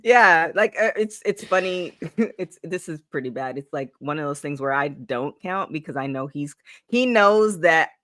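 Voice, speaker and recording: A woman's voice: low-pitched, animated, moderate pace, fairly bright tone. A woman hosting a casual interview, chatty and enthusiastic, often restarting her sentences. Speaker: interview host.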